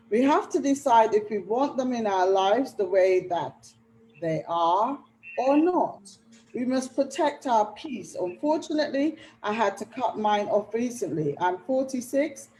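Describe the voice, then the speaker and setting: A woman's voice: a little high, expressive, a little slow, dark tone, slight background noise, poor audio. A woman hosting a talk show, affirming her guests and reading out viewer comments. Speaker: host. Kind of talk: conversational talk show discussion.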